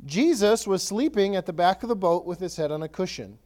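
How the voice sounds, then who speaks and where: Animated high-pitched preaching man. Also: brisk. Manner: animated, conversational preaching with frequent restarts. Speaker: pastor. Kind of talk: sermon.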